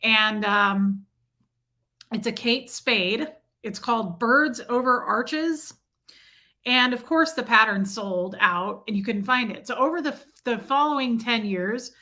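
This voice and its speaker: A woman's voice: a little high, pushed and bright. A woman hosting a casual livestream, greeting viewers by name and chatting about her day; she mentions her son and living in Michigan. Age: adult with a child. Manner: chatty, reads out viewer names in a roll call. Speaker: livestream host.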